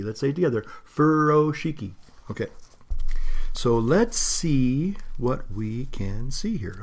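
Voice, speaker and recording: A man's voice: medium pitch, a little hiss or hum. A man talking in a casual, rambling unboxing vlog, chatty and full of restarts. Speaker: vlogger.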